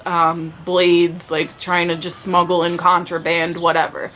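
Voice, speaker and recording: A woman's voice: lowish voice, a bit bright, a little hiss or hum. A woman who served in the army, giving an earnest, conversational personal testimony full of fillers and restarts.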